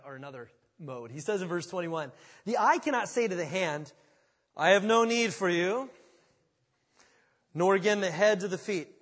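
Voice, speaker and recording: A man's voice: fairly high pitch, big-room sound. A man preaching a conversational sermon to a congregation, often checking in with questions. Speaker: pastor. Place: church sanctuary.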